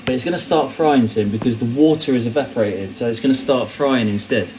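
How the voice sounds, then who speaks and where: A man's voice: medium pitch, fairly quick, background noise. A man hosting a casual cooking livestream, chatting and rambling as he answers viewer comments. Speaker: cooking host. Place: kitchen.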